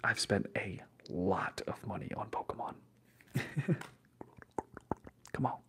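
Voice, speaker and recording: A young man whispering through an ASMR livestream while opening trading card packs, slangy and excitable, bursting into loud hype now and then. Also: fairly low pitch, takes it slowly, creaky. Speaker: ASMR streamer.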